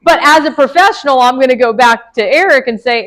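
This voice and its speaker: A woman's voice: high-pitched, brisk, few pauses, a bit bright, rough recording. Chatty woman teaching a class. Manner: chatty, laughs often, asks the room questions. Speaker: real estate broker teaching agents. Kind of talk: casual classroom lecture.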